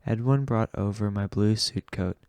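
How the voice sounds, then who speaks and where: A man reading an audiobook aloud in a slow, measured way. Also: on the low side, darkish tone, clean tone, no echo. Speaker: audiobook reader. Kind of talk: audiobook narration.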